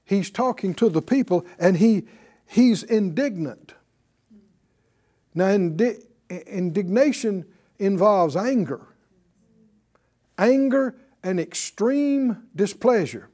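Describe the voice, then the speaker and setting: Chuckling and tossing questions to the audience, a Bible teacher delivers an animated, conversational broadcast lesson in a mid-range voice.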